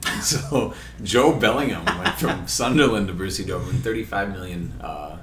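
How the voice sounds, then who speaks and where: A man with a low voice chats on a podcast, counting down transfers with easy enthusiasm. The room is echoey, and faint noise sits under the voice. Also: normal speed, hardly any pauses, a bit bright. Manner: enthusiastic, listing transfers with frequent laughs. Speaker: podcast co-host. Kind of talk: casual soccer chat.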